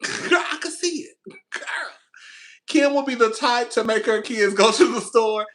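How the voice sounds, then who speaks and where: Speaking unhurriedly in a very high-pitched voice, a commentary vlogger tells his viewers a gossip story from his apartment. He's animated and profane, laughing often and repeating lines as he goes.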